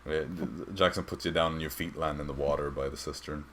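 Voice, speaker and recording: A young man narrating as dungeon master, rambling and halting with many fillers. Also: extremely low pitch, fairly even intonation, fairly bright tone, slight background noise. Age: young adult. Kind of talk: narrating a tabletop game.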